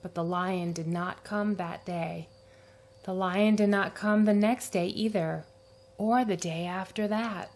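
A woman reading a children's picture book aloud, with gentle narration and voices for the characters. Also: medium pitch, fairly even intonation, unhurried. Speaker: storyteller.

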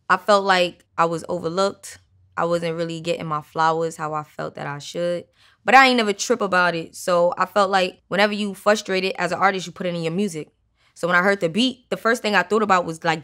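A woman rapper from Brooklyn, casually breaking down her song in a lively way and dropping into ad-lib sounds. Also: lowish voice, brisk. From Brooklyn, New York.

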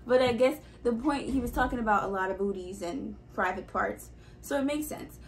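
A woman with a fairly high voice gives a casual music reaction, talking loosely and thinking out loud. She rambles, drifts into asides and circles back to her point. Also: normal speed, a little hiss or hum, rough recording. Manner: chatty, rambling, thinks aloud with many asides.

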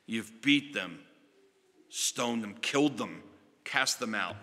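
A man preaching a sermon as pastor, moving from hushed words to loud ones and slowing down hard on key phrases. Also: mid-range voice. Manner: impassioned, swinging from hushed to loud with slow emphatic phrases. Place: church sanctuary. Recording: long reverb of a church sanctuary.

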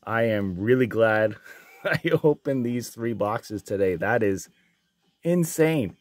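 A man opening trading card packs on his channel, reading out each card and getting loudly excited and swearing at the big pulls. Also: on the low side, a little slow, no room sound. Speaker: card breaker. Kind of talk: casual card-opening vlog.

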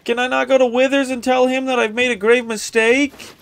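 A man giving casual, excitable commentary while streaming a video game and talking back to the characters. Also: very high-pitched, a little fast, gravelly, clear, resonant tone.

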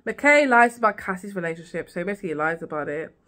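With a lowish, fairly bright voice and lively intonation, a woman moves at a quick pace through a casual vlog recap of a TV series. She rambles with plenty of fillers and restarts and acts out quotes.

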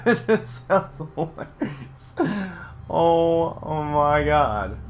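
A young man hosting a let's play, chatting casually over gameplay, laughing often, swearing freely and breaking into excited outbursts. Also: on the high side, extremely slow. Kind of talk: casual gaming commentary.

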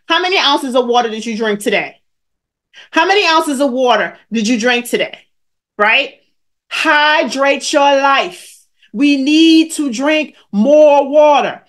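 A woman over forty coaching viewers on a live stream, emphatic and preachy, repeating her points and calling out people in the chat by name. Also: high-pitched. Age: 40s or older. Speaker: weight-loss coach hosting a live stream.

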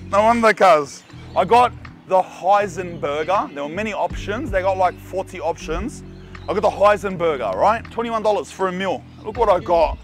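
An Australian man in his twenties hosting a food vlog, full of loud joking banter and slang. His voice sits high for a man, and music plays behind him. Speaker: food vlogger host. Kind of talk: casual vlog chat.

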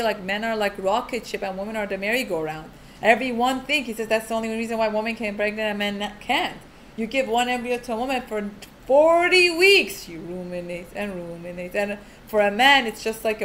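A woman's voice: fairly high pitch, a bit bright. A woman talks through a teaching in an easy, chatty way. She is frank and down-to-earth and often fills her sentences with "like." A faint hiss of noise sits under her voice. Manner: chatty, full of "like" fillers. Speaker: teacher of Jewish family purity laws. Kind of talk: casual explanatory talk.

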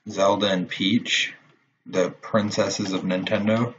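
A young man commentating his own gameplay, swearing often and quick to get frustrated. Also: on the low side, level tone, fairly bright tone. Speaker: gaming channel host. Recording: dull lo-fi mic with faint noise.

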